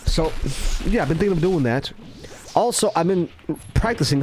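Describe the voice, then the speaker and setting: A man rambling in casual commentary, animated and self-mocking. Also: on the high side, normal speed, a little hiss or hum. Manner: animated, self-mocking, acts out his own lines. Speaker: gaming commentator.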